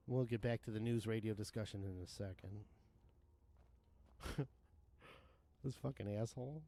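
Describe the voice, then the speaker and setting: A man's voice: on the low side, moderate pace, pauses often, dark tone. A man in his thirties or forties, rambling casually and profanely while streaming a game, with frequent laughs. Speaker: livestream gamer. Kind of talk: casual gaming commentary.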